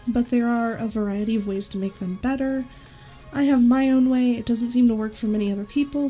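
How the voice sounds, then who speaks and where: A woman YouTube creator chatting casually and enthusiastically through product recommendations, with quick asides. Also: a little high, warm tone.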